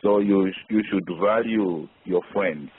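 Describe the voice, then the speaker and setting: Man, low husky voice, slow and reflective, phone-quality. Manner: thoughtful, searching for words. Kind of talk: radio panel talk. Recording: tinny phone-like line.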